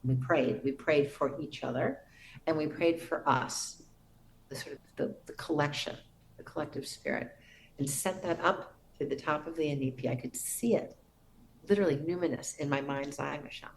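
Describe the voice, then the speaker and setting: A middle-aged woman, a podcast guest, telling a personal story in an earnest, reverent way with soft restarts. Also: deep voice, moderate pace, slight background noise, poor audio.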